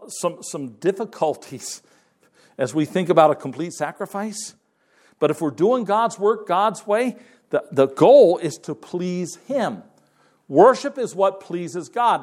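A man preaching a conversational sermon to his congregation in church, with frequent restarts and fillers. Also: high-pitched. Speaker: pastor.

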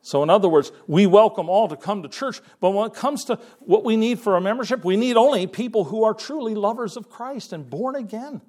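Male pastor, fairly high voice, folksy sermon delivery, repeats himself, reads old-style scripture. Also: expressive, a little fast, few pauses, darkish tone. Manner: folksy, repeats words, quotes scripture in King James wording.

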